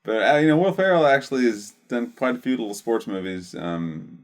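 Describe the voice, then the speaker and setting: A man co-hosting a podcast, recalling movie scenes in a relaxed way with frequent ums. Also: mid-range voice, a little fast. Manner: easygoing, lots of ums and uhs. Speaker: podcast co-host. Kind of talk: casual chat about movies.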